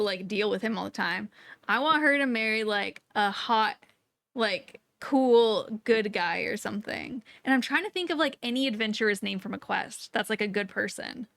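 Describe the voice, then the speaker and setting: A woman's voice: mid-range voice, gravelly, a bit bright, dry recording. A young woman co-hosting a podcast in casual, playful chat, laughing often and jumping between tangents. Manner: playful, giggly, quick tangents. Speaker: podcast co-host.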